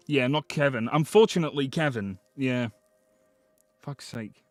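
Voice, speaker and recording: A man streaming live, chatting casually with viewers, excitable and swearing often as he thanks them. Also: mid-range voice, a little slow, faint music behind. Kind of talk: casual livestream chat.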